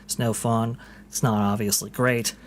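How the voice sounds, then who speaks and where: A man's voice: mid-range voice, level tone, moderate pace, a little hiss or hum. A man hosting a casual podcast, reading posts aloud and chatting with lots of fillers. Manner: chatty, many fillers, repeats "right here". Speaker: podcast host.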